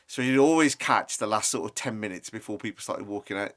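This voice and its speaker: A man's voice: on the low side, fairly quick, fairly bright tone. A man from the West Midlands of England hosting a podcast interview, asking long, rambling questions with many restarts. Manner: rambling, hesitant multi-part questions. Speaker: podcast host. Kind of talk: casual interview.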